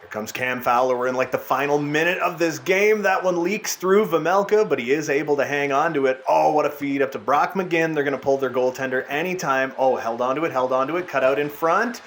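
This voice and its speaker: A young man giving casual, excited play-by-play commentary over a hockey video game, his voice sounding worn out. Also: on the high side, brisk, few pauses, slight background noise. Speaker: gaming YouTuber. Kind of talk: gameplay commentary.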